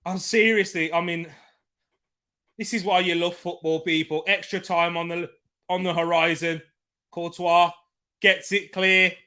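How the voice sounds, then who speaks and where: Hoarse man hosting a live match watchalong, very high voice, drawn-out excitable calls. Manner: excitable, shouting reactions to play. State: hoarse, losing his voice. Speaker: football watchalong host.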